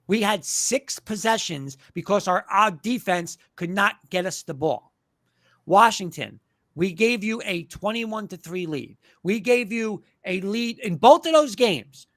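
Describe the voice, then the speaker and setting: A man's voice: high voice, a bit bright, dry recording, clean studio sound. A man hosting a live sports talk show, ranting emphatically about his team and mocking fans' opinions.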